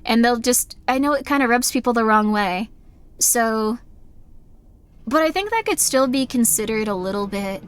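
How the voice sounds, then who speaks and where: A young woman streamer with a fairly high voice rambles candidly through her thoughts on a live game stream. She apologizes often and scatters "like" through nearly every sentence. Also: expressive, moderate pace, clear, resonant tone, no room sound. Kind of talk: casual live-stream chat.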